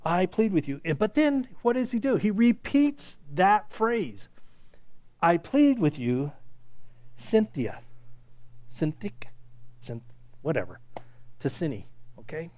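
A man's voice: sits high, slow, pauses often. A man preaching a sermon, retelling scripture with acted-out quotes and joking asides to his congregation. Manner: animated preaching, acts out quoted speech, jokes aside. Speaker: pastor.

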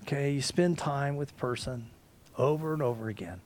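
Teaching a Bible study at a normal speed, this medium-pitched man swings from loud, emphatic points to quiet asides. He frequently restarts and clears his throat.

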